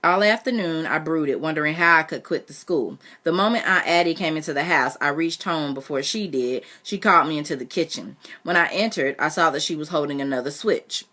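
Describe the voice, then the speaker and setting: A woman's voice: low-pitched, a little fast, hardly any pauses, bright, forceful tone. A woman reading a book aloud and chatting reflectively about it between passages. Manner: chatty and reflective, uses fillers. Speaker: reader. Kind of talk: reading aloud with personal commentary.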